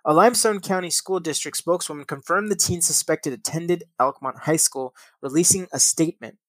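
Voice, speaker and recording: A man's voice: fairly high pitch, fairly quick, fairly bright tone, no echo. A young man hosting a casual podcast, reading news stories aloud and commenting with frequent swearing and laughing at his own slips. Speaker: podcast host.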